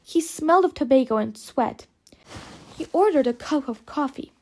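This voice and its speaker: A woman reading an audiobook aloud, narrating in measured, phrase-by-phrase delivery. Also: high-pitched, animated, a little mellow. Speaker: audiobook reader. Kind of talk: scripted narration.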